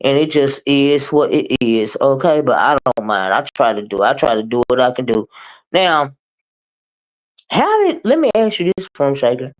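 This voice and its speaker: A woman hosting a casual live-stream gossip show, talking in a sassy, emphatic, drawn-out way. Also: very deep voice, big pitch swings. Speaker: live-stream commentary host.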